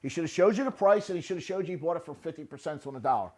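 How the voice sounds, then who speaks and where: A man's voice: a little high, expressive, rapid-fire, darkish tone. A man who builds houses, giving blunt casual commentary on a listing and asking "right?" again and again. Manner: blunt, repetitive, asks "right?" often. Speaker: real estate builder reviewing a listing. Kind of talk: casual screen-share commentary.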